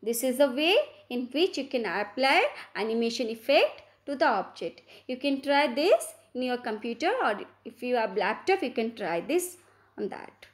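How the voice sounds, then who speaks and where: A woman's voice: fairly high pitch, animated, normal speed. A woman teacher with an Indian English accent, walking students through slides in a patient classroom lesson, repeating points and checking in with "right?".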